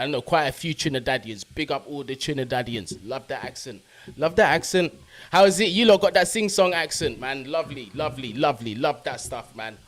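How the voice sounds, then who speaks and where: A young man hosting a live football fan stream, casually giving shout-outs to viewers in the chat with plenty of slang. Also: mid-range voice. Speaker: football fan channel host.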